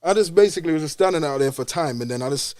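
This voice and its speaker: A young man with a London accent spins an animated story in casual street slang. He talks quickly, in a slightly raised pitch, recorded close and dry with no room sound. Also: dry recording. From West London. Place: podcast studio.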